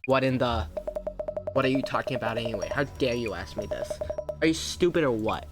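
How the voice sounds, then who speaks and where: A streamer voicing an arrogant, scheming man who sneers and throws insults at everyone. His contempt runs through each line of the game dialogue. Game music plays clearly underneath. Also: mid-range voice, expressive, fairly quick, lightly acted. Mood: contemptuous. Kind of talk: reading game dialogue aloud.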